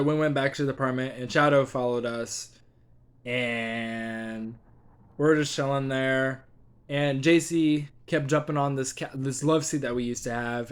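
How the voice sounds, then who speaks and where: A young man telling a story in a casual, rambling way, full of fillers and restarts. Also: medium pitch.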